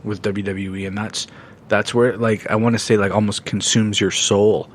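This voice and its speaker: A man co-hosting a casual podcast chat, rambling with lots of fillers and swearing freely when excited. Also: lowish voice, normal speed, a little hiss or hum. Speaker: podcast co-host.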